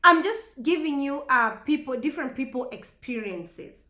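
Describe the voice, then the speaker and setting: A woman with a Kenyan accent telling a story casually to camera, chatty and animated, often laughing. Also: high-pitched, moderate pace. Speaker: vlogger. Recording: echoey room.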